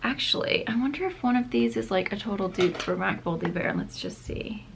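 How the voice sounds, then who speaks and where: A woman's voice: on the high side, animated, brisk, creaky, noisy background. A young adult woman chatting casually in a makeup review vlog, gushing and filling her talk with "like" and "um", her voice a little worn as she says she is losing it. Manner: chatty, gushing, many fillers like "like" and "um". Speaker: beauty vlogger.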